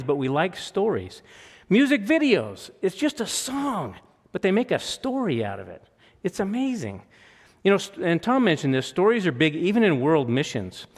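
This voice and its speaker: An older man preaching a storytelling sermon in a conversational, self-deprecating way, with lively quoted asides. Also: on the high side. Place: church hall. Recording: long hall reverb.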